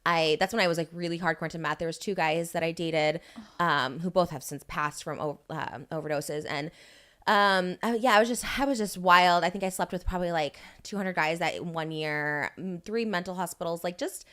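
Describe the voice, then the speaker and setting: A woman's voice: fairly low pitch, normal speed, a bit bright. A woman in her thirties, a podcast guest, talking candidly and rambling with lots of "like" into a studio microphone. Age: 30s. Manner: rambling, heavy use of "like". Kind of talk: candid casual chat.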